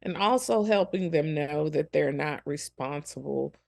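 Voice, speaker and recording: A woman's voice: sits low, expressive, unhurried, gravelly, darkish tone. A woman co-hosting a ministry podcast, speaking earnestly and compassionately about helping children through hard times. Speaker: podcast co-host. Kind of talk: reflective ministry podcast talk.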